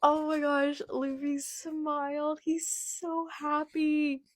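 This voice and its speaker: A woman reading a manga live and reacting, excitable and gushing, with gasps and exclamations, reading character lines aloud plainly. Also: high voice, takes it slowly, no echo, studio quality. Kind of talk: live read-along reaction.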